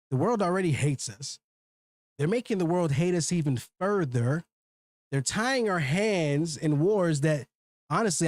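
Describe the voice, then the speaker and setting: A man's voice: a little high, a little mellow, no echo. A man hosting a live stream, ranting off the cuff with heavy swearing and rambling fillers. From Minnesota. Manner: heated, profane, rambling with filler words. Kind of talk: unscripted livestream rant.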